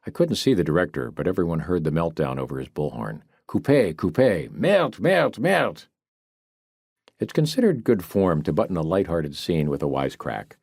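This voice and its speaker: A man narrates an audiobook in first person with a very low, deep voice and a lively, swinging delivery. He sounds wry and quick with a joke. The recording is close and dry, with no room sound. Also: no echo. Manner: wry, brisk, wisecracking storytelling. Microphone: studio microphone, close.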